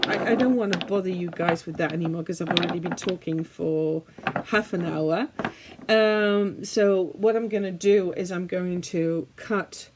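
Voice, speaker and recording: A woman's voice: medium pitch, noisy background. A Dutch woman, a native Dutch speaker, chatting casually to her viewers in English with a faintly British-leaning Dutch accent, chatty and self-deprecating, with lots of fillers. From Netherlands. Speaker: art vlogger. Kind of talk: casual chat to camera.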